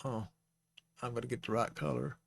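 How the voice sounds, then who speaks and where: This Bible Hebrew teacher has a medium-pitched voice with vocal fry, speaking at normal speed in a steady tone into a close microphone. He patiently teaches the Hebrew alphabet informally, sounding out letters and correcting himself as he goes.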